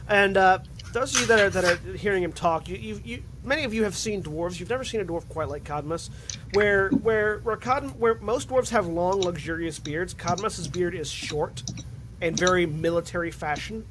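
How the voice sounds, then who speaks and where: Guy running a tabletop game over voice chat, chatty, a bit high voice, hissy mic. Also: moderate pace. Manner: chatty, laughing, swears casually. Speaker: game master.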